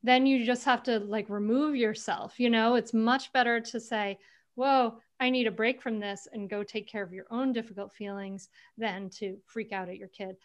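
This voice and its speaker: A woman author talking casually as a guest on a video call interview, animated and laughing often as she tells stories. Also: fairly high pitch, normal speed.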